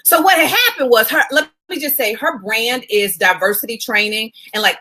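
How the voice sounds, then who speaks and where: A woman's voice: fairly high pitch, sharp tone. A woman media coach chatting casually to her viewers, greeting them by name as she tells a story. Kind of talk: casual live video chat. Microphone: phone.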